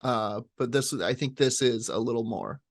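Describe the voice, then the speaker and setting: A man's voice: mid-range voice, moderate pace, no room sound, clean studio sound. A man co-hosting a comedy podcast, riffing and joking in casual chat. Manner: jokey, riffing, playful voices. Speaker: podcast co-host.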